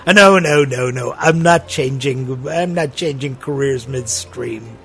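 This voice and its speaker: A man's voice: medium pitch, unhurried, creaky, fairly bright tone, soft background music. A man who is a priest, hosting his own spiritual podcast in a playful, tongue-in-cheek, conversational way.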